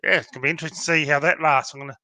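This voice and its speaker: A man's voice: a little high, steady tone, very fast, sharp tone, no echo. An Australian man co-hosting a podcast, chatting casually and reading out viewer comments with plenty of fillers. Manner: laid-back, lots of fillers, reads viewer comments aloud. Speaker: podcast co-host. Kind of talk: casual chat.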